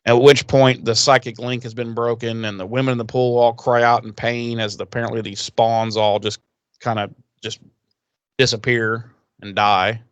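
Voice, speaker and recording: A man co-hosting a podcast, casually recapping an episode with lots of swearing and quick acted-out quotes. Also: medium pitch, clean tone, dry recording. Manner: profane, animated retelling with voiced quotes. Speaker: podcast co-host.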